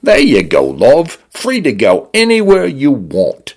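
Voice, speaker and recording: A man voicing a meddling male smart-home AI with a Cockney-leaning British accent, bright, friendly and lecturing. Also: medium pitch, huge pitch swings, takes it slowly, voice pushed up, heavily acted. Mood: cheery, bossy.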